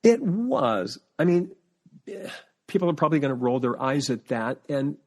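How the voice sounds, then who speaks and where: A man as a podcast guest, telling animated family anecdotes in casual chat and often restarting sentences as he searches for words. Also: fairly high pitch, normal speed, breathy edge.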